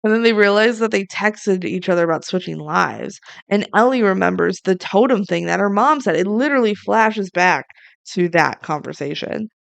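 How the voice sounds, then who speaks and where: A woman co-hosting a podcast, recapping a movie in a chatty, lively way with quick asides. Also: medium pitch, gravelly, dry recording. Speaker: podcast co-host. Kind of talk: casual chat recapping a movie.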